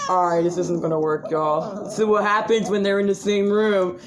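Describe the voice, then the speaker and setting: A woman talking casually to a phone camera at home about her pets, chatty and slow. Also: steady tone, noisy background. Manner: slow, chatty, scolding pets in sudden high shouts. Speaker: pet owner vlogger. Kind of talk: casual vlog talk to camera.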